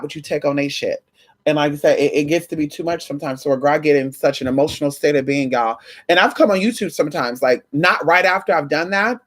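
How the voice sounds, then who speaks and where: A woman chatting casually to camera about spiritual energy. She swears freely and acts out conversations with sudden high jumps in pitch. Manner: animated, profane, acts out quoted exchanges with big pitch jumps. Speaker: spiritual vlogger.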